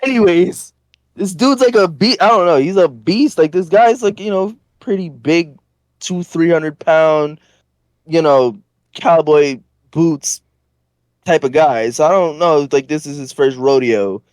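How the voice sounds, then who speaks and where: Male podcast guest from northern Florida: animated, profane storyteller, slightly high voice, dry sound. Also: measured pace, no room sound. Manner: animated, profane, rambling anecdote with many fillers. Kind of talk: casual storytelling.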